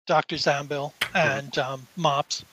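A man narrating as game master of a tabletop game, halting and full of fillers. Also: fairly high pitch, fairly even intonation, pushed and bright, poor audio.

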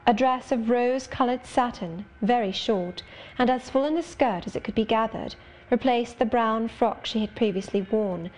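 A woman's voice: on the high side, moderate pace, darkish tone. Woman narrating a classic novel. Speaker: audiobook narrator. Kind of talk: scripted narration.

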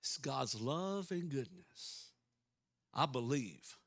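A male pastor preaching a sermon, emphatic and out of breath, moving between loud declarations and soft asides. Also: mid-range voice, expressive, moderate pace, dry recording, clean studio sound.

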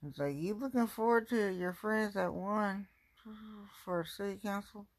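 A woman's voice: medium pitch, unhurried. A woman from the Cincinnati area chatting casually in a rambling, self-mocking vlog at home, firing off exasperated rhetorical questions. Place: at home, going through belongings.

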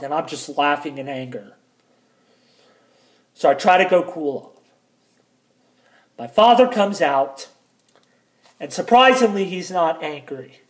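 A man's voice: a little high, measured pace, pauses often. A man angrily retelling a family fight as a vlogger, swearing heavily. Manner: angry, heavily profane retelling. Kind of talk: personal storytelling.

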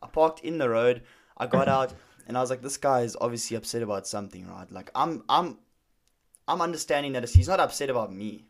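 A young man talks in an easy, conversational way, telling a story and circling back with fillers and restarts. His voice sits at an ordinary middle pitch for a man. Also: animated, a little fast. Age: young adult. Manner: storytelling, acts out quoted dialogue, frequent fillers and restarts. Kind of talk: casual conversation.

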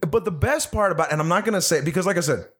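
A man recounts a film in casual chat, his voice sitting a little high. He tells it with lots of laughter and cursing. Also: rapid-fire, breathy edge. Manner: animated, profane, laughing storyteller. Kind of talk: casual movie review chat.

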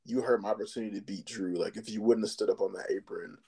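A man's voice: on the low side, steady tone, quick pace, vocal fry, warm tone, breathy edge. A man co-hosting a podcast in casual chat, laid-back and agreeable, often laughing. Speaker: podcast co-host.

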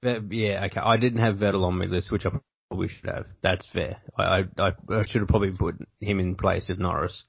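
A man's voice: low-pitched, fairly even intonation, fast talker, creaky, hardly any pauses, husky, no echo. An Australian man hosting a podcast in casual chat, rambling and interrupting himself. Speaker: podcast host. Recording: dull lo-fi audio.

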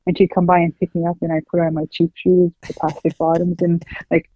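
A woman's voice: on the low side, flat delivery, a little fast, mellow. A woman guesting on a podcast, reminiscing casually and laughing often. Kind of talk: casual storytelling chat. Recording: dull lo-fi sound.

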